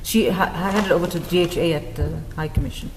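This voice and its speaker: A woman judge putting quick clarifying questions to counsel from the bench. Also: fairly low pitch, steady tone. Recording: echoey courtroom with clear background noise, distant.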